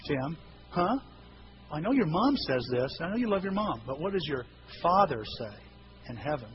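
A man with a high voice preaches to his church, telling personal stories and acting out the people in them, sometimes bursting into shouts. The recording sounds dull and lo-fi, with clear hiss underneath. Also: big pitch swings, moderate pace. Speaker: pastor. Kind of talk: sermon.

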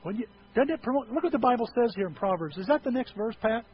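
A middle-aged male pastor preaching a sermon, telling stories and acting out voices, swinging from loud outbursts to hushed tones. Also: very high-pitched, animated, fast. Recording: dull lo-fi recording with faint noise.

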